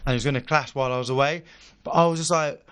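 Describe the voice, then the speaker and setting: A man, speaking as a podcast guest. He tells a long personal story in loose, rambling chat, filling his sentences with fillers. His voice sits at a medium pitch. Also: very fast, a bit bright, smooth. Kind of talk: casual chat.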